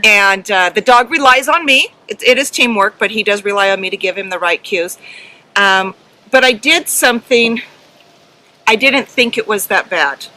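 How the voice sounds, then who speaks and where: A middle-aged woman co-hosting a casual podcast, telling a story earnestly and emotionally, with halting ums. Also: mid-range voice, bright, forceful tone, poor audio. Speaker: podcast co-host and herding judge.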